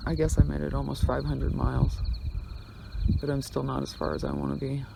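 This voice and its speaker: Holding his phone at a wooded campsite, a road-tripping man chats casually to camera with a slightly quick, flat, mid-range voice touched by vocal fry. He rambles and lets sentences trail off. Wind knocks against the phone mic, and crickets can be heard.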